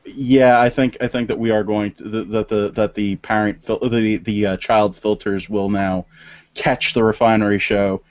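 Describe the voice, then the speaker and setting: Guy cohosting a podcast, kinda low voice, lots of uh and restarts, muffled audio. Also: level tone, normal speed. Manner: rambling, many restarts and fillers. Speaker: podcast co-host. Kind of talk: casual panel chat. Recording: dull lo-fi audio.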